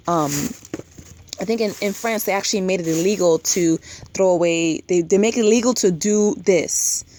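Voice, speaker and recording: Young woman vlogger, low voice, chatty and emphatic, camera mic at home, faint room hum. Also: a little mellow. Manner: rambling, emphatic, many fillers and restarts. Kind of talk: casual talk to camera.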